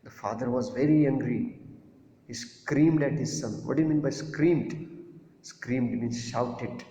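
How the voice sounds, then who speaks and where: A man's voice: medium pitch, measured pace, mellow. A male teacher explaining a story to students, asking questions and defining words. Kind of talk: classroom lesson explaining a story. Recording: echoey room with long reverb.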